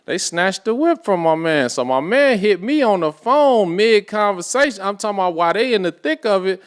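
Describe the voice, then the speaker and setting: A man, a podcast guest, telling a story in a casual, animated way with profane street slang. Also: high voice, normal speed, smooth.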